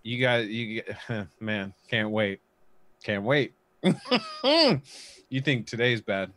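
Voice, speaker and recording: Brief: young male co-host, mid-pitched, playful teasing in casual sports chat. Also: big pitch swings, very slow, fairly bright tone. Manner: teasing, laughing. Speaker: co-host guest. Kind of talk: casual sports talk livestream.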